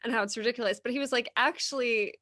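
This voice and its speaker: A woman's voice: on the high side, steady tone, very fast, a bit bright. A young woman co-hosting a podcast, gushing in casual chat with frequent laughs and fillers. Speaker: podcast co-host.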